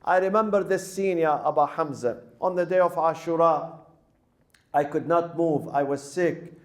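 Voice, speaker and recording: High-voiced man preaching a mourning sermon. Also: normal speed. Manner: emotional, breaks into chanted Arabic.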